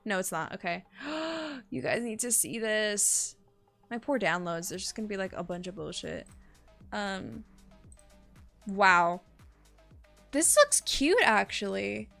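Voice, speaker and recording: A young woman streaming and chatting casually with her viewers, excitable and quick to swear, gasp and laugh. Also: mid-range voice, vocal fry, soft background music. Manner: excitable, swears freely, gasps and laughs often.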